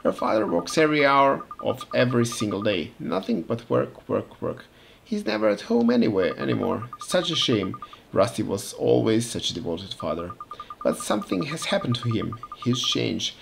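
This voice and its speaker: A man doing an old gossip of a neighbour lady, confiding chatter, gravelly. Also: medium pitch, sing-song, normal speed, noisy background.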